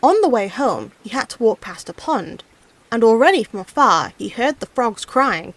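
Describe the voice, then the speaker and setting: A woman reads a fairy tale aloud as an audiobook narrator, in an expressive storybook manner. Her voice sits slightly high and moves in wide, animated swings of pitch. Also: normal speed, no room sound. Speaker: audiobook reader.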